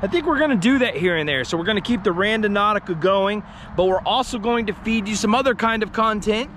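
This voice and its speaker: Man vlogger, high and lively, rambling outdoors on a camera mic, traffic faint behind. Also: quick pace. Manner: excitable, swears freely, chatty asides. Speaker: paranormal explorer vlogger. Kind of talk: walking vlog narration to the camera.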